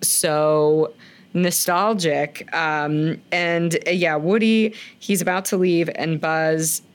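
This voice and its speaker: A woman's voice: low voice, fairly even intonation, takes it slowly, clear, resonant tone. A young woman in casual podcast chat, gushing and emotional, swearing often as she recaps a film. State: tearful. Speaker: podcast co-host.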